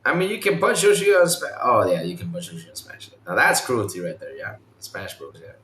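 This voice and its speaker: A man hosting a casual gaming podcast, animated, imitating game sounds and swearing casually. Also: on the low side, brisk, reverberant. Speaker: podcast host.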